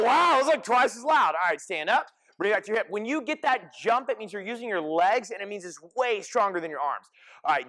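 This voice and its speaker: A man coaching a fitness class, giving short energetic commands and cues to a group in a gym. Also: high-pitched.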